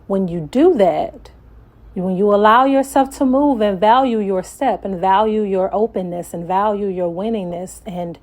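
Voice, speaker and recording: A woman recording a reflective voice note as a life coach. She talks slowly and with emphasis, repeats her lines like affirmations, and grows emotional until her voice drops toward a whisper. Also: medium pitch, a little mellow.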